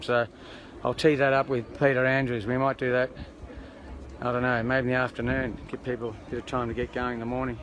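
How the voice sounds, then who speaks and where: A medium-pitched, slightly bright voice belongs to an Australian man streaming live from a protest on a city street. He rambles casually to viewers with jokey asides, and the outdoor recording picks up plenty of street noise.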